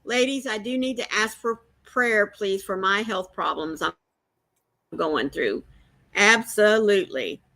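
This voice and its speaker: Older woman, bright slow chat. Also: mid-range voice. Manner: chatty storyteller, teacherly explanations. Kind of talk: casual livestream chat.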